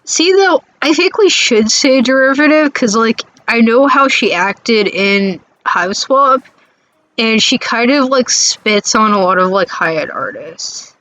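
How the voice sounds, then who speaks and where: A woman's voice: fairly high pitch, lively intonation, measured pace, fairly bright tone, low-quality recording. A woman co-hosting a let's play, chatting casually and rambling about the game. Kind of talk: casual chat over a game.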